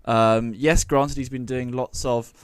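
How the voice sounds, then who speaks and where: A man's voice: mid-range voice, steady tone, unhurried, clear, resonant tone, no echo, clean studio sound. A man co-hosting a sports podcast, talking casually with many fillers. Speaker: podcast co-host. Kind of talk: casual chat.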